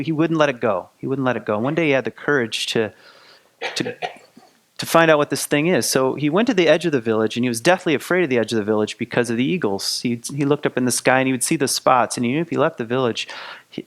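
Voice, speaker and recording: A man's voice: medium pitch, quick pace. A man hosting a spiritual podcast, retelling a folktale in a casual, rambling way full of fillers and restarts. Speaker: podcast host. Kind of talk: spoken storytelling of a folktale.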